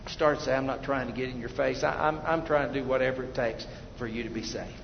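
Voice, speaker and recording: A male pastor preaching an evangelistic sermon, swinging from loud urgent appeals to hushed prayer. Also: mid-range voice, steady tone, fast talker, vocal fry. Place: church sanctuary. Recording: dull echoey church hall recording with faint noise.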